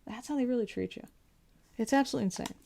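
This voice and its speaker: A woman's voice: fairly high pitch, racing, gravelly, mellow, a little hiss or hum. A young adult woman, a veteran, telling a story in a casual rant, exasperated and sarcastic, full of rhetorical questions.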